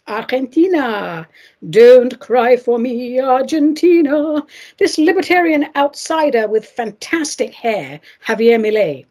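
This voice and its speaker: A woman's voice: on the high side, darkish tone, slightly rough. A middle-aged woman hosting a podcast, giving a chatty, theatrical monologue full of sarcastic asides and giggles. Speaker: podcast host. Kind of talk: casual monologue commentary.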